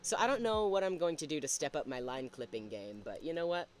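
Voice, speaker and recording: Chatty man streaming with a higher voice. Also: big pitch swings. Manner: chatty, thinks aloud while working, quick to laugh at himself. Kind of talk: casual livestream chat while drawing.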